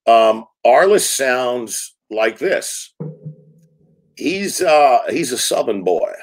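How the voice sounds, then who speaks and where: A man in his sixties, a film director, telling lively anecdotes in an interview and acting out quotes. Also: medium pitch, drawn-out words. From United States. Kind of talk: storytelling interview talk.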